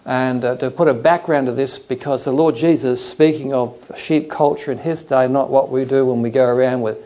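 A middle-aged man preaches a sermon full of anecdotes in a mellow, steady, medium-pitched voice at a normal speed. He tells stories and acts out animal sounds and other characters' voices.

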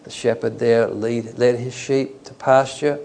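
Gravelly man teaching from the Bible. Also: mid-range voice, fairly even intonation, measured pace, a little mellow. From Australia. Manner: conversational, digressive, with fillers. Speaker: preacher.

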